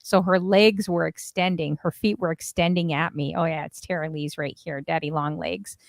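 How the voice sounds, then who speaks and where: A woman's voice: sits low, fairly even intonation, normal speed, gravelly, no room sound. A woman hosting a casual group call on her stream, chatty and gushing, laughing often. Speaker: stream host and DJ.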